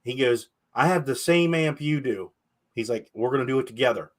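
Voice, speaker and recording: A man's voice: medium pitch, brisk. A man hosting a casual podcast chat, telling stories with animation and swearing freely. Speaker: podcast host.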